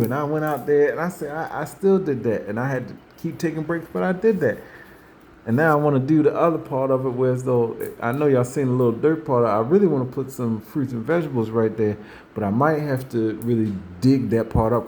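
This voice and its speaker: A host with a mid-range, slightly mellow voice talks a little fast and casually about faith and everyday life. He rambles, repeats himself, restarts, and acts out what people say, with slight background noise.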